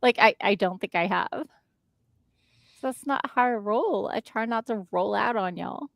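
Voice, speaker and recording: A woman co-hosts a casual co-working livestream from her home living room desk, speaking at mid pitch in an unhurried, creaky voice. She's chatty, reads out viewer comments, and restarts often, all captured on a dry close mic with no room sound.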